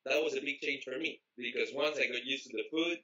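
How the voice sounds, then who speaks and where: Spanish-accented male guest, Spanish native speaker, bright tone, loose rambling delivery with fillers, lo-fi audio. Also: medium pitch, fairly quick. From Spain. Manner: rambling, many fillers and restarts. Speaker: interview guest. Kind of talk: casual interview chat. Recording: dull lo-fi recording.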